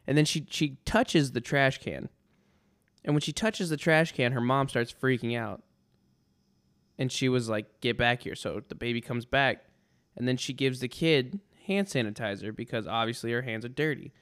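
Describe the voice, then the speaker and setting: Smooth-voiced man telling a rambling story. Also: medium pitch, normal speed, a bit bright. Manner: rambling and sarcastic, with frequent restarts. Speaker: podcast host. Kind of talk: casual storytelling monologue.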